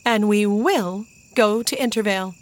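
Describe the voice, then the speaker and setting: A woman's voice: medium pitch, normal speed, close to an everyday voice. A woman reading a storybook voicing an earnest, practical young girl in an eager manner.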